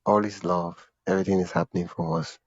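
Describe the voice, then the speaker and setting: A man's voice: low voice, little pitch movement, fairly quick, darkish tone, slightly rough, dry recording, lo-fi sound. A man hosting a podcast interview, talking casually and often restarting his sentences as he searches for words. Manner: searching for words, repeats himself, laughs now and then. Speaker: podcast host. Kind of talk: conversational interview.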